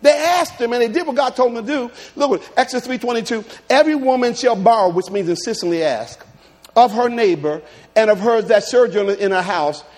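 Pastor guy preaching, high voice, jokey stories, calls out to the congregation. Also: a little fast. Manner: animated preaching with humorous stories and call-outs. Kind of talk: sermon.

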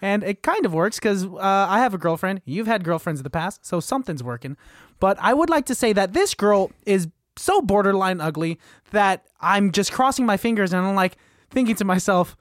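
A man's voice: high voice, lively intonation, moderate pace, dry recording, clean studio sound. A young man co-hosting a podcast, joking and rambling in casual chat. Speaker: podcast co-host.

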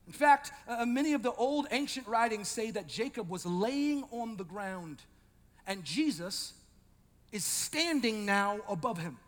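A male pastor preaching an animated sermon, swinging from loud shouting to quiet intensity, with joking asides to the congregation. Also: high-pitched, a little slow, long reverb tail.

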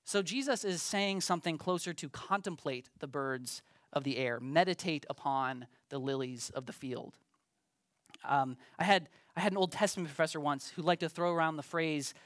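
A man gives a sermon in a loose, conversational manner, stumbling and restarting as he thinks aloud and poking fun at himself. His voice sits a little high for a man. The sound is close and dry, with little room in it. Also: moderate pace, fairly bright tone, no echo. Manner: conversational, self-deprecating, with frequent ums and restarts. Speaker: pastor.

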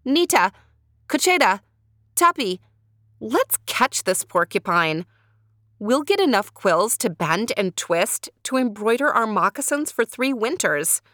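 A woman's voice: a little high, takes it slowly, gravelly, dry recording, studio quality, voice pushed up, full character voice. A woman voicing a headstrong young girl who cries out eagerly in a storybook tale. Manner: excited, cries out.

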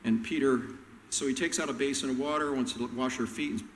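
A man preaching a sermon, telling Bible stories and acting out the characters' lines with animated voices. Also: medium pitch, fairly quick, big-room sound, a little hiss or hum, poor audio. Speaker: pastor.

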